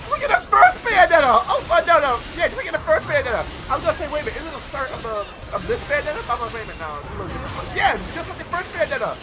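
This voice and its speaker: Shouty, high-voiced gameplay commentator. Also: male voice, big pitch swings, racing, hardly any pauses, a crowd in the background. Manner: loud, profane, yelling reactions. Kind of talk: excitable let's-play commentary. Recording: game audio with music behind.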